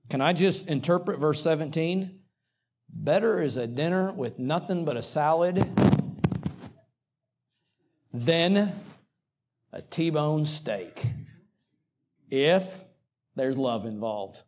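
A middle-aged male pastor preaching a sermon in a folksy, humorous way, with dramatic pauses. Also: fairly high pitch, lively intonation, darkish tone.

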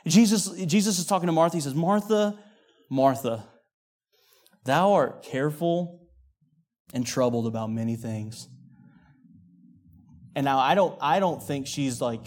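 A man preaching a sermon, telling the story with acted-out quotes, rising loud and dropping hushed. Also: medium pitch.

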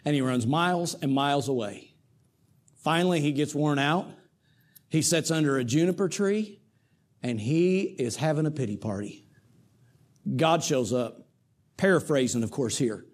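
Male preacher, high-pitched, dramatic sermon storyteller. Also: lively intonation, moderate pace, long pauses. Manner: dramatic storytelling, swinging between hushed and loud.

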